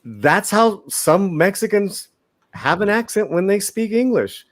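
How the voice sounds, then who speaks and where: A man's voice: high-pitched, animated, a little slow, no echo, studio quality. A man on a review roundtable, speaking hesitantly with lots of fillers. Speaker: panelist.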